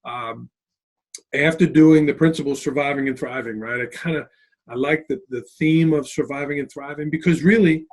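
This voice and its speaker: Husky, animated middle-aged man. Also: on the high side, normal speed. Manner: animated, tags lines with "right?" and "like". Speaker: school principal and author. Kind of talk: conversational interview storytelling.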